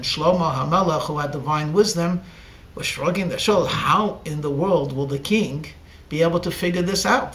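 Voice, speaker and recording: A man, a rabbi, delivers a story as part of a sermon. He moves through it slowly and deliberately, pausing often between phrases. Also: on the high side, a bit bright. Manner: slow, deliberate pacing with pauses.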